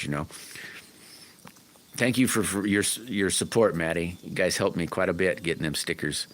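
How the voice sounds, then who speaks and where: A man's voice: deep voice, a little fast. A middle-aged man hosting a livestream, chatting casually with viewers in a folksy, rambling way full of restarts. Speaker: livestream host.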